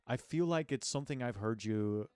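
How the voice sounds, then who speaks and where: A man's voice: medium pitch, normal speed, darkish tone, smooth, dry recording, studio quality. A man streaming live and chatting casually, rambling along with plenty of self-mockery and offhand swearing.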